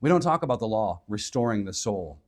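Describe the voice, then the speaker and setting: A man's voice: on the low side, very animated, fairly quick. A man preaching a sermon, earnest, with chuckling asides. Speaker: pastor.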